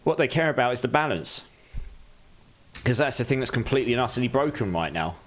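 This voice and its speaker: A man's voice: mid-range voice, animated, a bit bright. Chatty man streaming a game. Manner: chatty and candid, thanks viewers, quick laughs. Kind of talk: casual live-stream chat.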